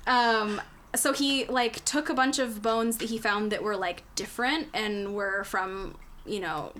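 A woman's voice: mid-range voice, fairly even intonation, unhurried, a bit bright, a little hiss or hum. A woman hosting a podcast, recapping history in casual, chatty talk, swearing freely and laughing often. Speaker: podcast host.

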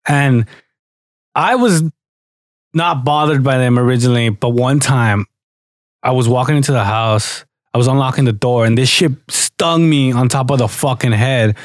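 A man's voice: mid-range voice, normal speed, no room sound, studio quality. A young man co-hosting a podcast, telling stories casually, swearing often and acting out what people said. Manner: animated storyteller, heavy swearing, acts out quotes. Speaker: podcast co-host.

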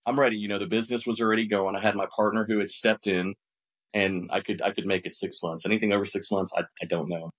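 Lower-voiced man telling his business story. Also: fast talker. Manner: animated, acts out quoted dialogue; frequent restarts and repeated words. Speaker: business owner, podcast guest. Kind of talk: conversational storytelling.

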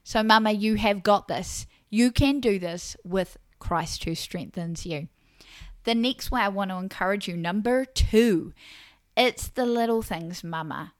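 Woman, podcast host, earnest and encouraging monologue, middle pitch, dry close sound. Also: unhurried, dry recording. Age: adult parent of a young child. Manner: earnest, encouraging, speaks straight to listeners as "Mama". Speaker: Christian parenting podcast host. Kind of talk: faith-based podcast monologue.

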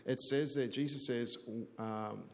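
A middle-aged pastor preaches a sermon in a chatty, self-deprecating way, telling a story and often restarting words. His medium-pitched voice is unhurried and slightly bright, with vocal fry. A long church hall reverb surrounds him.

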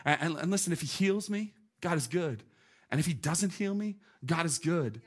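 A man in his thirties preaching a sermon, telling a story with animated, emphatic delivery and repeated phrases. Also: fairly high pitch, moderate pace, husky. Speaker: pastor.

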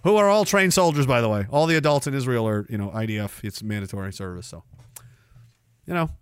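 A man's voice: mid-range voice, lively intonation, fast talker, clean tone. A man hosting a livestream, reading chat aloud in a profane, sardonic way and laughing often. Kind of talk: casual chat.

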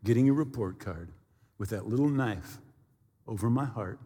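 A male pastor preaching a sermon as an animated storyteller, acting out sounds and dialogue from his story. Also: fairly low pitch, moderate pace, breathy edge, big-room sound.

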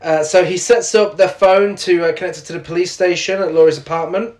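Co-host, man, slightly high voice, laughs through plot recaps, echoey room. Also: steady tone, a little fast, darkish tone. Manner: laughs often while retelling plot. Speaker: podcast co-host. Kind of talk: casual film recap chat.

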